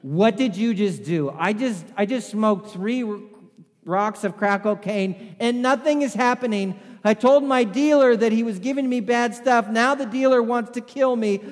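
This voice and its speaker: A man putting on the voice of an agitated young man, shouting in high-strung outbursts. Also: a little fast, few pauses, in a large hall, natural voice. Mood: frantic.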